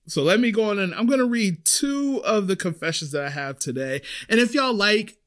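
A young man casually telling a story to camera about his time as a restaurant server, chatty and full of fillers, getting louder and higher when worked up. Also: lively intonation, normal speed.

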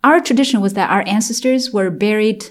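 A woman's voice: mid-range voice, brisk. A woman from China recalling her childhood in an interview, telling it with many fillers and restarts and laughing at times. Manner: laughs while telling hard memories. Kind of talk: personal storytelling in an interview.

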